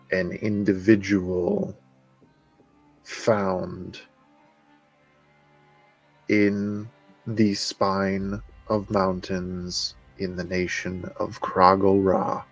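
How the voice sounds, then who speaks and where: A man narrating as game master of a tabletop game, slow and halting as he describes the scene. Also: deep voice, rough recording.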